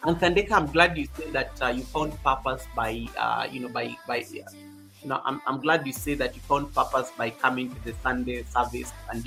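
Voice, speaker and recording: This man's voice is fairly high and sharp-toned. He's running a livestream, talking casually, calling out viewers by name, and repeating himself, all over faint background music.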